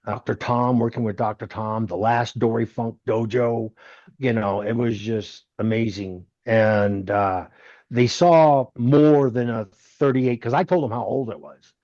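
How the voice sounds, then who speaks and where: A man in his sixties who tells stories with animation and jumps into other people's voices as he goes. His voice sits at an ordinary middle pitch. The sound is dull and lo-fi, and very dry, with no room around it. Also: measured pace, dry recording. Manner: animated storyteller who acts out others' lines. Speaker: guest, former wrestler. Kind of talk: storytelling interview.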